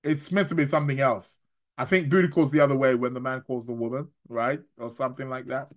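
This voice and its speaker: Here the same kind of speaker, a man who does astrology and tarot, talks loosely to his live audience and reads their comments, breaking off, restarting and chuckling along the way. His pitch is medium and his intonation stays fairly even.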